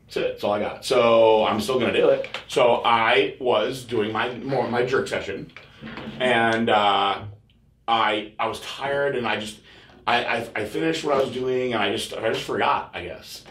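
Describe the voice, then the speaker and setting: A man hosting a podcast, telling a crude story in a rambling casual way and mimicking others in high voices. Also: normal speed, a bit bright, slight background noise. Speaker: podcast host. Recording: echoey room.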